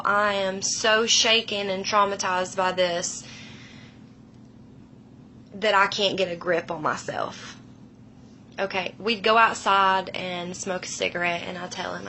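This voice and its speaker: A woman in her thirties retelling a frightening personal experience in a slow, emotional, hushed way, often dropping her voice low. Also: a little hiss or hum, low-quality recording. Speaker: storyteller. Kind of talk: personal paranormal story.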